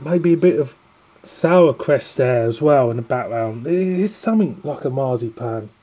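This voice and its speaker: A man's voice: mid-range voice, animated, moderate pace, dark tone. A man with a Northern English accent hosting a casual home beer review, chatty and rambling, often breaking off to scold his dog.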